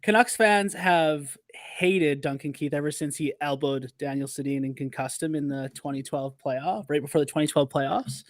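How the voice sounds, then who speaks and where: Man, higher voice, eager storyteller, casual podcast chat, dry close sound. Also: normal speed, hardly any pauses, dry recording.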